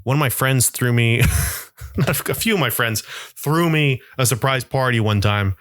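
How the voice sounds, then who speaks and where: A young man rambles through a self-mocking comic podcast monologue. He talks at an everyday middle pitch. The recording is dry and close, with no room sound. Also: fairly bright tone, clean tone, no echo. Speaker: podcast host.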